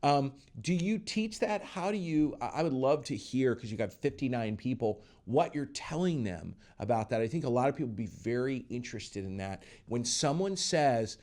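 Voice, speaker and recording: Animated middle-aged man hosting an interview. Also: mid-range voice, normal speed, hardly any pauses. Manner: animated, acts out quoted voices. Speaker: podcast host. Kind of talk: casual interview chat.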